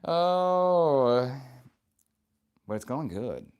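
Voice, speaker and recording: A man's voice: on the low side, expressive, unhurried, highs cut off. A man hosting a casual live stream, reading viewer comments aloud and answering them in a playful, joking and affectionate way.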